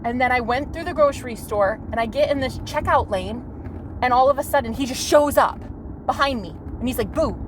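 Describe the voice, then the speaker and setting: A woman's voice: high voice, brisk, noisy background. A young woman vlogger telling a story to her viewers in a gushing, chatty way, swearing and quoting people as she goes. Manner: gushing, breathless, swears and laughs often. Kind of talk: casual storytelling to camera.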